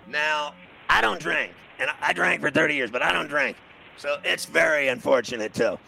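A middle-aged man tells a casual anecdote and acts out every bit of quoted dialogue. His voice is heavily gravelly and full of fry. It has a bright, forceful edge. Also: a little high, normal speed, slight background noise, poor audio. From New York City.

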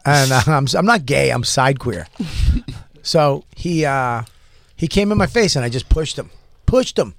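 A man in casual chat, telling a story with excitement, acting out shouted exchanges and laughing often. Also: mid-range voice, a little slow, creaky. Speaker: podcast guest storyteller.

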